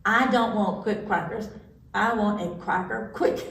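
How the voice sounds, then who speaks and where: A woman's voice: medium pitch, unhurried, vocal fry, fairly bright tone, reverberant, far from the mic. A woman voicing a demanding baby parrot in a storybook reading, insistent and repetitive.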